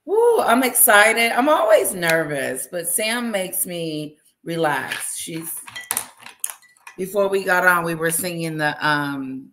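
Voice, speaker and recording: A woman hosting a casual livestream, warmly greeting viewers by name, bubbly and chatty. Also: lowish voice, very animated, slow, a little hiss or hum. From Wisconsin. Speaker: livestream host. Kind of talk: casual live chat with viewers.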